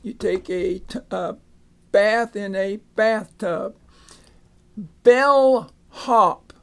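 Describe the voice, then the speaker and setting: A man leads a phonics lesson at an unhurried pace, patiently saying each word and then saying it again. His voice has a gravelly, creaky edge. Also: high voice, steady tone. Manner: patient, sounds out words and repeats them. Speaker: reading teacher.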